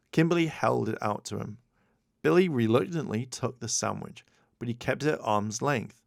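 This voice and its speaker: A man's voice: medium pitch, moderate pace, gravelly, no room sound. A man narrating a children's storybook as an audiobook, reading expressively into a close mic. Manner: expressive read-aloud narration.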